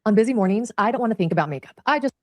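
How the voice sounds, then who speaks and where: A woman co-hosting a true crime podcast, chatting briskly and reading an ad. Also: mid-range voice, lively intonation, no echo. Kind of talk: podcast chat and read ad.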